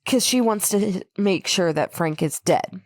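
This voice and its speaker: A woman's voice: medium pitch, unhurried, a little mellow, no room sound, clean studio sound. A woman co-hosting a podcast, casually recapping a horror film, laughing often and playfully acting out lines. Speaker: podcast co-host.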